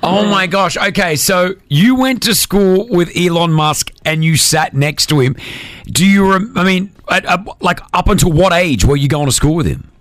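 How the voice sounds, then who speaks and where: A man hosting a breakfast radio show, reacting excitedly and firing off questions. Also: high-pitched, normal speed, dry recording. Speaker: radio host.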